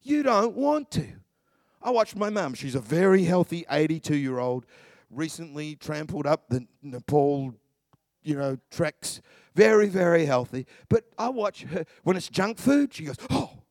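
A middle-aged male preacher with a high, gravelly voice, delivering a passionate sermon. He takes his time, drops to near whispers and rises to shouts. The sound is close and dry. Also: expressive, measured pace, no room sound. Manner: passionate, swings from hushed murmurs to shouts.

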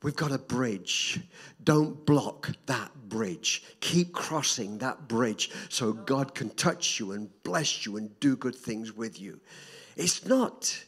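Older preacher guy, sermon, gets loud and repeats stuff then drops real quiet. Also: mid-range voice, lively intonation, takes it slowly, breathy edge. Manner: dramatic swings between loud emphatic repetition and soft hushed drops.

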